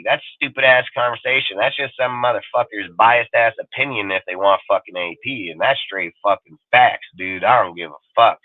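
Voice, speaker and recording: A man on a sports talk panel delivers a heated, casual rant, swearing constantly and emphatically hammering the same points again and again. His voice is a little high with no echo, heard through tinny phone-line audio.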